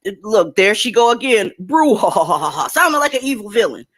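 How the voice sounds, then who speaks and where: A woman's voice: a little high, expressive, a little fast, a bit bright, no echo, clean studio sound. A woman hosting a profane reaction commentary, talking bluntly and swearing freely as she goes through clips. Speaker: commentary host.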